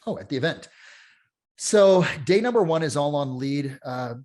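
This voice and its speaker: A middle-aged man, a real estate coach, talking in a casual podcast chat, energetic and blunt, acting out quotes as he tells stories. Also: fairly high pitch, moderate pace. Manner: energetic storyteller, swearing, acts out quotes.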